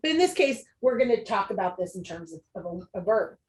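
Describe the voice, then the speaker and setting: A woman's voice: mid-range voice, big pitch swings, a little fast. A woman presenting an interactive online workshop for teachers, speaking over a video call in an upbeat, chatty way with frequent ums. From United States.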